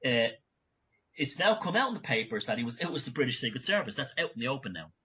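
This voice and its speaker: A man speaking as a guest in an interview, animated and talking in bursts with frequent restarts. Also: medium pitch, fast talker, slightly rough. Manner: animated, many restarts and asides. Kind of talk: conversational interview. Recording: dull lo-fi audio.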